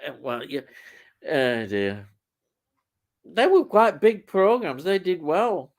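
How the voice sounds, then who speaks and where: Slow-talking Yorkshire man. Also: a little high, very animated. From Leeds, England. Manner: easygoing, laughs often, says "aye" and "lad". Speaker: live stream host. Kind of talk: live stream chat, reading viewer comments.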